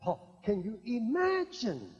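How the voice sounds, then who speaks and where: A man's voice: sits high, huge pitch swings, slow, husky. Emphatic older man preaching in a hall. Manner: swings from quiet asides to loud emphatic proclaiming, repeats key lines. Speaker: evangelist. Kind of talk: sermon. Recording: dull lo-fi recording in a reverberant hall.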